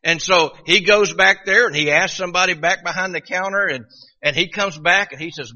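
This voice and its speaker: A man's voice: high voice, brisk, pushed and bright, long reverb tail, lo-fi sound. A middle-aged man from Virginia with a Southern accent, preaching a folksy sermon and often repeating his first words as he starts a sentence. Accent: Southern American. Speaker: pastor.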